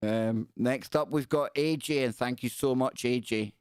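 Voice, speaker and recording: A man's voice: medium pitch, a little slow, heavy background noise. A Scottish man hosting a live call-in radio show, chatting loosely and reading news stories aloud with rambling asides. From Scotland.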